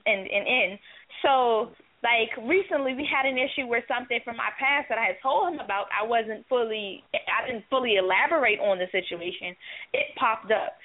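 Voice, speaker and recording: A woman co-hosting a casual call-in talk show, telling a candid personal story, acting out the dialogue and swearing freely. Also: fairly high pitch. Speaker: co-host. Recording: tinny phone-line audio.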